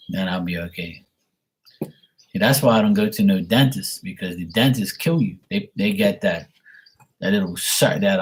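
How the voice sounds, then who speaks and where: Greeting viewers on his live stream, a tarot reader in his forties rants profanely through casual stories. His voice is lowish and a bit rough.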